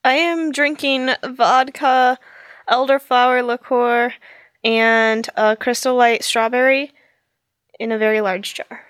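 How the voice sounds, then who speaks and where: A woman's voice: fairly high pitch, fairly even intonation, slow, fairly bright tone, smooth, no room sound, clean studio sound. A woman in casual podcast chat, wry and explaining things to listeners. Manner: wry, explaining fun facts. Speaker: podcast player.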